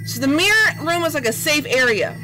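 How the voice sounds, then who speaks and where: A woman's voice: high voice, very animated, brisk, poor audio. A woman commenting on her own horror game play, panicky and nervously repeating words. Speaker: gamer playing a horror game. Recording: game music playing behind.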